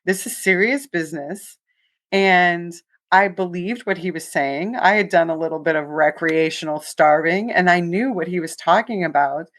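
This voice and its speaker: A woman's voice: on the low side, normal speed, a bit bright. A woman author being interviewed on the radio, telling her story candidly and with animation, often acting out dialogue. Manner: acts out quoted dialogue. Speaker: author guest.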